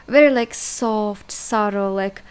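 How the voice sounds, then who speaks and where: Teaching a language lesson online, a young native Russian speaker talks with a Russian accent in a chatty, somewhat hesitant manner. She repeats sounds slowly and laughs at her own slips, her medium-pitched voice smooth and a bit dark in tone.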